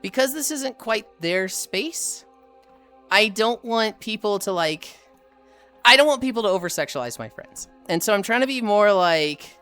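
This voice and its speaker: A woman's voice: mid-range voice, a little slow, soft background music. A woman in her thirties streaming live, chatting casually with her chat and friends, telling stories with lots of laughter. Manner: animated storytelling, laughs often.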